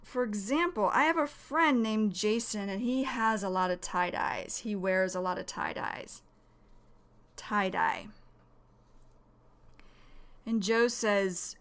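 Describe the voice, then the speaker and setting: A woman teaching English vocabulary, explaining each word slowly and carefully. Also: mid-range voice, a bit bright. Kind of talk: vocabulary lesson.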